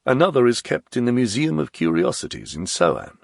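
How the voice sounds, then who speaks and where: A man voicing a composed nobleman who speaks in a measured, reassuring way. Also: mid-range voice, wildly swooping pitch, vocal fry, no echo, clean studio sound, voice pushed up, heavily acted. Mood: calm, measured. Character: calm, composed nobleman, quietly persuasive.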